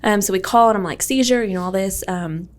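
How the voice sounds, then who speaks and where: A woman's voice: mid-range voice, fast talker. A young woman, a podcast guest, telling a personal story in a chatty way with lots of fillers and quoted dialogue.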